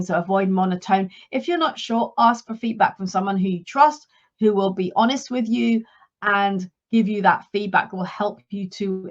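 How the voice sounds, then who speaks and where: A woman coaching her listeners in a solo podcast talk, instructive and steady, stressing key points by repeating them. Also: mid-range voice, dull audio. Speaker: leadership and career coach.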